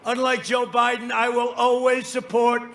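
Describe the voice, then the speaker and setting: At an outdoor rally before a large crowd, a male political speaker delivers a boastful, rambling campaign speech and banters with the audience from the stage. His voice is extremely high and monotone, gravelly and a bit bright, at a moderate pace, with slight background noise.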